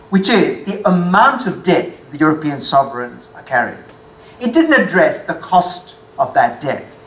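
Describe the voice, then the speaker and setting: Woman with a deep low voice giving a talk off slides, dry wry asides, fixes her numbers as she goes, roomy echo. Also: slight background noise. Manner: corrects own figures mid-sentence. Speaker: speaker giving a presentation. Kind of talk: lecture-style presentation with slides.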